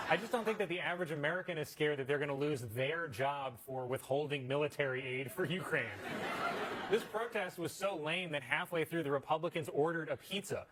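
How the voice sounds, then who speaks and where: A man as a comedy news anchor, delivering satirical headlines with crisp setups and punchlines. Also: on the high side. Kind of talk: satirical news desk jokes. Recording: loud background noise.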